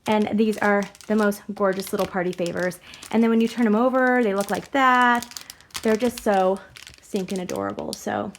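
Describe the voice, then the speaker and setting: A woman's voice: medium pitch, expressive, normal speed, a little hiss or hum. A woman hosting a crafting tutorial, talking chattily through each step in a bubbly way and giggling at herself. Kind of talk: casual step-by-step demonstration.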